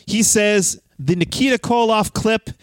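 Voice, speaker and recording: A man hosting a podcast, chatting freely and reading listener messages aloud. His voice sits a little high, and the close mic sounds dry and dead, with no room around him. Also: unhurried, no room sound. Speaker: podcast host. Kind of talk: casual podcast chat.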